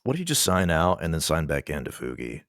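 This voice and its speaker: A man's voice: rumbling low, wildly swooping pitch, fast talker, fairly bright tone, no echo. A man with a just-woken-up voice chatting on a stream call, joking with dry wit and wordy phrasing. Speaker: guest co-streamer. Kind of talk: casual chat.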